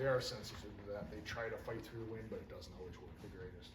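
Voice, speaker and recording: This man talks fast in a fairly low voice while running casual, hands-on radio training for firefighters. His manner is folksy and relaxed, and he tends to wander off into anecdotes. The recording sounds roomy and distant, with a faint hum in the room.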